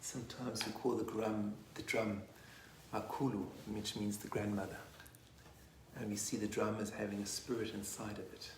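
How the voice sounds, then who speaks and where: Gravelly low-voiced guy guiding a meditation, soft and gentle, echoey room w faint hum. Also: level tone. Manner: soft, gentle, slow spoken guidance. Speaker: meditation teacher and sangoma. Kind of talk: guided meditation with chanting.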